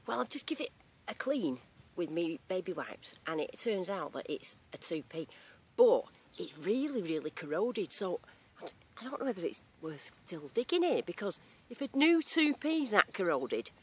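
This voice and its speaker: Out in a field with her metal detector, an Englishwoman with a strong regional accent narrates a casual vlog, joking and using plenty of slang. Her voice sits fairly low, with slight background noise.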